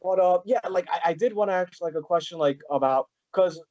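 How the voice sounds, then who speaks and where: Eager high-voiced man hosting a chat. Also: a little mellow, dry recording, highs cut off. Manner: rambling, halting, many restarts and fillers. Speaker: podcast host. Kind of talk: casual fan interview.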